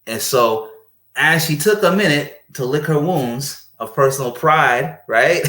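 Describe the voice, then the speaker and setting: A man's voice: on the high side, animated, measured pace, sharp tone. A man being interviewed on a podcast as a paramedic guest, telling a story animatedly, repeating phrases for emphasis and speaking in a faith-centered way. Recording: roomy echo.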